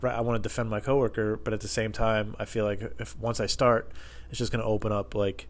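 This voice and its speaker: A young man vlogging at home into a tiny close microphone, telling a story in a profane, animated way and laughing often. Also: fairly low pitch, a little fast. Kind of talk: casual storytelling. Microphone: tiny microphone held close.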